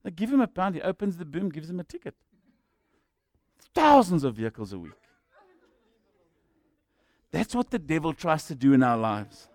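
A man's voice: on the high side, big pitch swings, moderate pace, pauses often, darkish tone, no room sound. A man with a South African accent preaching a sermon as a jokey storyteller who acts out the people in his stories.

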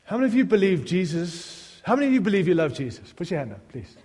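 A middle-aged man preaches a sermon to his congregation, his voice pitched high. He tells self-mocking, funny stories and then swells into fervent appeals. His voice carries a long reverb, as if filling a large church hall. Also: big pitch swings, quick pace, darkish tone, slightly rough. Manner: humorous, self-deprecating storytelling that builds to fervent appeals. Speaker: pastor.

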